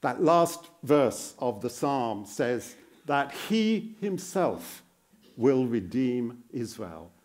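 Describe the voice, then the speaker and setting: A male guest preacher delivering a sermon in a church. He speaks slowly and earnestly, and his voice rises and falls widely. He puts questions to the congregation, praises their answers like an encouraging teacher, and repeats phrases for emphasis. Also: medium pitch, very animated, darkish tone.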